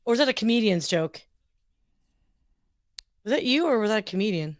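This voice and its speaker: A woman hosting a casual live chat, talkative and quick to laugh. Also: medium pitch, animated, no echo. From Southern California. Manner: chatty, laughs often, plays with slang. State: a little tired. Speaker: host.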